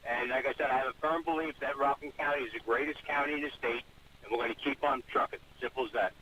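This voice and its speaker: A man's voice: medium pitch, fairly even intonation, fast talker. A man calling in to a radio show by telephone, affable and folksy, stumbling over his words. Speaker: caller, county executive. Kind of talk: phone-in chat. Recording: noisy phone line.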